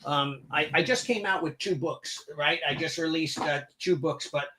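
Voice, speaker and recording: Bright-voiced middle-aged man telling a story. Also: fairly high pitch, normal speed, a little hiss or hum. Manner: animated storyteller who acts out quoted voices. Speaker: martial arts instructor, podcast guest. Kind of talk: casual storytelling. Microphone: seen on video, holds up books to camera.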